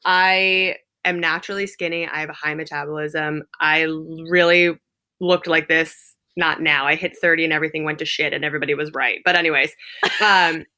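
A woman in her thirties, appearing as a guest in casual conversation, tells a lively, dramatic story and acts out the quotes. Her voice sits low and moves a little fast.

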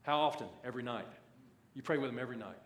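A pastor in his thirties with a mid-range voice preaches rapid-fire in a reverberant space. His folksy, conversational pulpit style is full of family stories, and he says "man" often.

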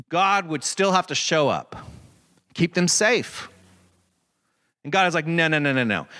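A man preaching a sermon in an animated, conversational way, with dramatic scripture readings. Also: sits high. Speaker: pastor.

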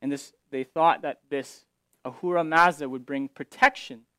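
Male pastor, slightly high voice, dry close sound, relaxed explanatory sermon with restarts. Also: normal speed, smooth, no echo. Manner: explanatory, paraphrasing scripture with frequent restarts.

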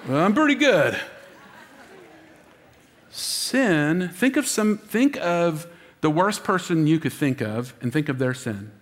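A man's voice: a little high, big-room sound. A man preaching an Easter sermon as lead pastor, emotional and calling on the congregation to answer back. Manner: emotional, preaching with audience call-and-response.

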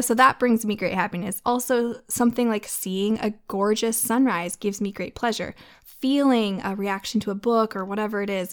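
Mom in her 30s hosting a faith podcast, earnest and chatty, laughs a lot. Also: fairly high pitch. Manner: earnest, warm-hearted, laughs often, tears up reading lyrics. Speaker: podcast host. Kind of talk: faith-based conversational podcast.

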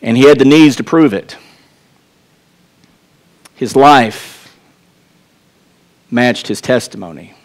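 A man's voice: medium pitch, slow pace, pauses often. A male pastor with a Texas accent delivers a sermon in a church. His mid-range voice is earnest and conversational. He often restarts his phrases and turns aside to speak directly to the congregation.

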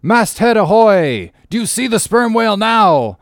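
A man voicing a commanding male whaling ship captain shouting orders. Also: high-pitched, sing-song, a little slow, dry recording, studio quality, pitched above the performer's own voice, exaggerated voice. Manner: barking orders.

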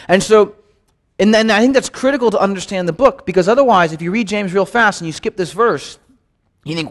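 A man teaching a midweek Bible study in a relaxed, conversational way, often repeating words to stress a point. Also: sits high, a little fast. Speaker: pastor.

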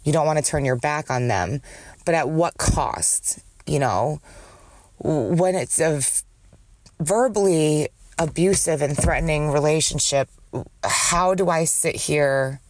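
A woman's voice: low-pitched, unhurried, darkish tone. A woman hosting a candid solo podcast with a cold and a smoker's cough. She talks in a rambling, profane way and jumps from thought to thought. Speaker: podcast host.

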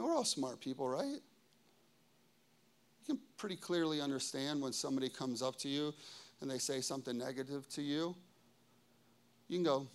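A male pastor delivering an emphatic sermon, swinging between loud declarations and hushed, intimate passages. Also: medium pitch, animated, moderate pace, long pauses.

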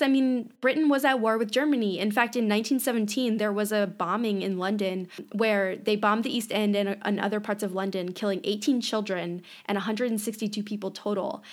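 Chatty woman explaining history. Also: on the high side. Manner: explanatory, lively, many fillers like "you know" and "like". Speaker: podcast co-host. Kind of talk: casual history podcast chat.

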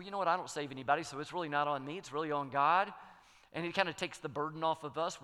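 A man's voice: on the high side, bright, forceful tone. A man preaching a sermon as pastor, emphatic, repeating key phrases and building to strong peaks. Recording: long hall reverb.

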